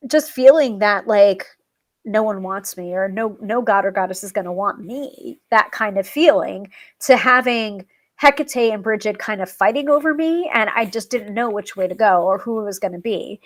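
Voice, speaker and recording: This woman's medium-pitched voice is a bit bright. She hosts a tarot show in a chatty style, talking about working with a goddess and going down a list of tips, with frequent ums and restarts and self-amused asides.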